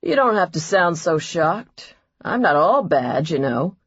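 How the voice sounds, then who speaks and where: A woman's voice: lowish voice, big pitch swings, a little slow, slightly rough, no room sound, lo-fi sound, heavily acted. A woman reading the part of a joking, easygoing male FBI agent in an audiobook. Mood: wry. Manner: dry, joking.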